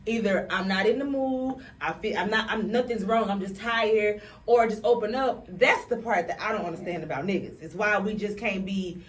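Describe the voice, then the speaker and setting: A woman co-hosting a casual podcast chat, blunt and animated, swearing freely. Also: medium pitch, normal speed, hardly any pauses, recorded from a distance. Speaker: podcast co-host. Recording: roomy, from the mic, faint noise.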